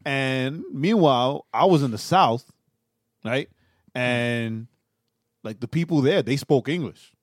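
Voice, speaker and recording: A man's voice: mid-range voice, slow pace, long pauses, dry recording, studio quality. A man co-hosting a podcast in casual chat, who laughs often and chimes in to agree. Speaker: podcast co-host.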